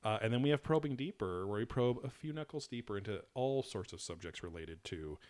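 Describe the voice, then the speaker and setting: A man hosting a comedy podcast in loose, casual chat. His voice sits low but leaps around with big swings of pitch. He riffs on wordplay and laughs a lot. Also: animated, brisk, darkish tone. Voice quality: jokey, riffing and wordplay, frequent laughter. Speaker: podcast host.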